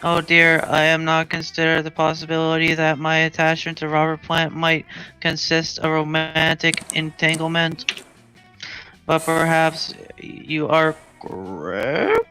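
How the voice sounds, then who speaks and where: A player voicing an earnest, naive robot student in a halting, formal way. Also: mid-range voice, fairly even intonation, sharp tone, soft background music, poor audio.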